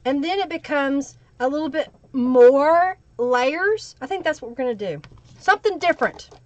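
A woman with a high, bright-pitched voice hosts a live crafting stream, chatting and thinking aloud as she works. She greets viewers by name. The sound is dry and close, with no room echo. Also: expressive, normal speed, dull audio. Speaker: craft livestream host. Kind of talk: live crafting tutorial with chat shout-outs.

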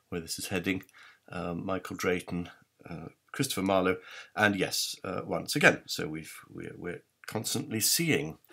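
A man walks his viewers through slides in a measured, wry tone, pausing to correct himself. His voice sits very low with a gravelly edge. He poses rhetorical questions to the audience as he goes. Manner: frequent hesitations and self-corrections. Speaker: presenter on authorship research. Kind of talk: illustrated talk walking through slides.

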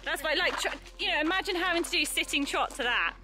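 A woman event rider chatting casually in an outdoor arena, relaxed and quick to laugh and tease. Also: high voice, music in the background, poor audio. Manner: relaxed, laughs easily, teasing. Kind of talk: casual chat.

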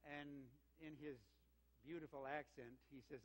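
An older man preaching as interim senior pastor. He tells his stories with lively back-and-forth, in a voice that sits a little high for a man. The sound carries a long reverb from the church sanctuary. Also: moderate pace, a little hiss or hum. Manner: warm storytelling with lively quoted exchanges. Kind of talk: sermon with anecdote.

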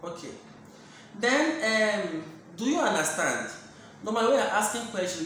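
A man from Ghana teaching a language lesson, saying each phrase slowly several times over. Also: high voice, big pitch swings, a bit bright. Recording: very echoey room, faint background noise.

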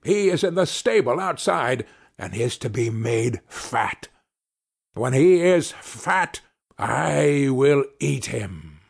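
A man voicing a wicked, greedy old witch in a high, slow, drawn-out mocking voice for a children's audiobook. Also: big pitch swings, vocal fry, breathy edge, full character voice. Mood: menacing.

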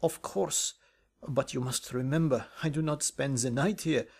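An actor playing a decrepit old castle guide with a hoarse, wheezing voice, speaking in slow, halting broken English. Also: male voice, medium pitch, darkish tone. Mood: ominous.

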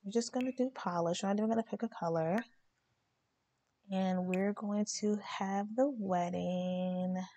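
A woman's voice: mid-range voice, measured pace, mellow, slight background noise. A young woman hosting a let's play, narrating her game in a chatty, slangy way. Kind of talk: casual game commentary.

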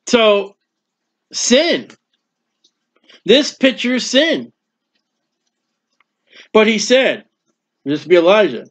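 A man's voice: sits high, sing-song, extremely slow, pauses often. A man preaching a sermon in a folksy storytelling way, acting out quotes from the stories he tells. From United States. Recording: dull lo-fi recording.

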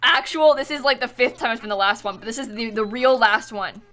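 A woman live-streaming a video game, chatting with viewers in an excitable, dramatic, giggly way. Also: on the high side, a little fast. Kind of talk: live-stream chat while gaming.

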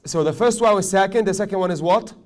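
A man teaching a tajweed class, questioning his students often and joking gently. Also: high-pitched, fast talker. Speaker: Quran recitation teacher.

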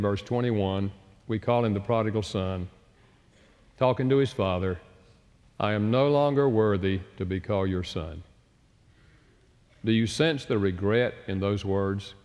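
A man giving a chapel talk, telling stories and acting out quoted voices. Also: lowish voice. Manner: storytelling, acts out quoted voices. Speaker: speaker. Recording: roomy hall reverb.

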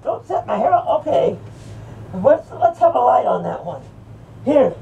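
A woman's voice: on the high side, sing-song, a little slow, vocal fry, muffled recording, slight background noise, full character voice. A woman voicing a drunk, scornful male hypocrite preacher who taunts and brags in a rowdy comic rant. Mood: mocking. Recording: distant mic with faint music.

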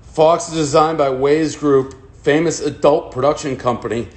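Man, fairly high voice, excitable and jumpy, swears a lot, casual unboxing chatter, faint hiss behind. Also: moderate pace. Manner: profane, excitable, jittery running commentary. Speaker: host unboxing fan mail.

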